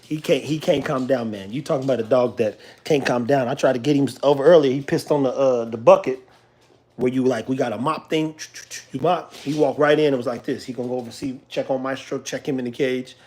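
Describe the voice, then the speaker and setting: Loose, chatty young man on a live stream. He talks to his dogs and viewers in an even middle voice, with light clicks behind him. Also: mid-range voice, fairly quick, a little hiss or hum. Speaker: dog owner streaming live. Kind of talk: casual live-stream chat.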